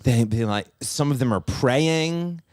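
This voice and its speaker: A man's voice: medium pitch, expressive, measured pace, dry recording, studio quality. A man, a magician and comedian, casually telling a rambling anecdote on a podcast with lots of restarts.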